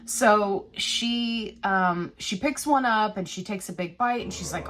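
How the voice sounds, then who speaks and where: A woman vlogger chatting casually at home, retelling a story in a rambling, animated way. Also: medium pitch, a little slow, hardly any pauses, a little hiss or hum. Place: small old house, cooking at home.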